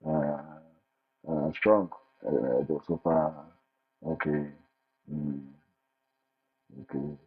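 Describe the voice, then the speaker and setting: A man's voice: a bass voice, very slow, long pauses. Man on a tinny phone line. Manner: animated, repeats words and restarts, acts out quotes. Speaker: international teacher sharing his experience. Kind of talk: casual advice talk. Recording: phone-like line with faint music.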